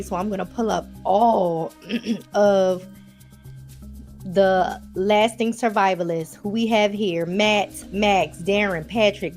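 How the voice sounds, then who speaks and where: A woman with a Baltimore accent, chatting casually to her viewers as she recaps a TV episode. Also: medium pitch. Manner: chatty, addresses viewers as y'all. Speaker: TV episode reviewer.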